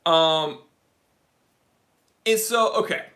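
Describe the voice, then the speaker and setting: Ranting comically through a story on his casual livestream, a young host calls out to viewers by name. His voice is bright, forward and a little high, and he draws out his words in an animated way.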